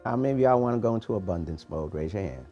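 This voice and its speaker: Gravelly, animated motivational man. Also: on the low side, rapid-fire, highs cut off, faint music behind. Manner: preachy, animated, street-casual phrasing. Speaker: podcast host, motivational coach. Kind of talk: motivational talk.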